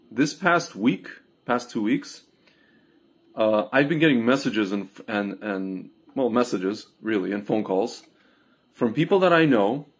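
Husky rambling man talking to viewers. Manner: rambling, addresses viewers as "my friends" and "guys"; animated, jumps into mocking high-pitched impressions. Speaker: online commentator. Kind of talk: casual livestream monologue.

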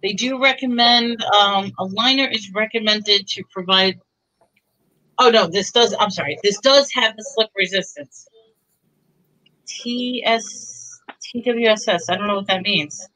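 A woman pitching bargains on a live stream in a chatty, bubbly way. Her voice is bright and forward, and she keeps talking up each deal as she shows the items. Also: unhurried, poor audio. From Texas. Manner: chatty, bubbly, pushes deals. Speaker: seller on a live online auction.

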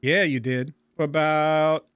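A man giving casual, profane gameplay commentary, prone to loud excited outbursts. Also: a little high, slow pace, smooth, no echo. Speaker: gaming YouTuber.

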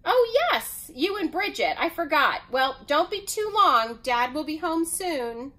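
A distracted, good-natured mother from a children's story, played by a woman reading aloud. She humors her son in a lively, rising voice. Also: high voice, measured pace, pitched above the performer's own voice, full character voice. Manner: absent-minded, humoring.

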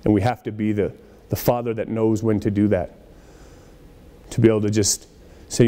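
A man's voice: lowish voice, little pitch movement, a little fast, long pauses, warm tone, in a large hall. A man preaching a conversational sermon in a church, acting out little dialogues as he goes. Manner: conversational preaching with acted-out quotes. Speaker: pastor.

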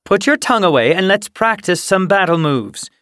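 A man's voice: fairly high pitch, expressive, normal speed, dry recording, studio quality, pitched above the performer's own voice, natural voice. A man doing a curt she-cat mentor. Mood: brisk. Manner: curt, commanding. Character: female cat warrior mentor, brisk and guarded.

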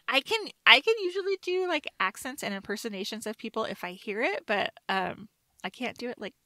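Upbeat woman co-host, teasing and laughing, bright higher voice. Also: expressive, no echo. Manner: playful, quick to laugh, teasing. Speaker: podcast co-host. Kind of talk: casual chat.

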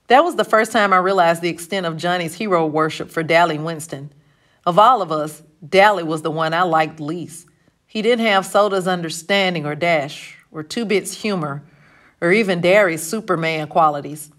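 A woman narrating a novel in the first person for an audiobook, telling it in a steady, lightly expressive way. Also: on the low side, moderate pace.

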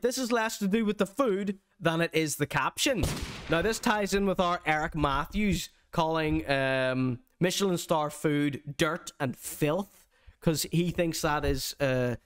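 A man's voice: a little high, clean tone. A man hosting a streamed show, giving a mocking, theatrical comedic rant.

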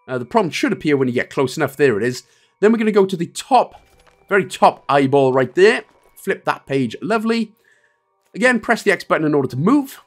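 Welsh bloke doing a game walkthrough, kinda high voice, jokey, soft game music underneath. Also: male voice. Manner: chatty, self-mocking asides between step-by-step instructions. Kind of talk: joking gameplay walkthrough commentary.

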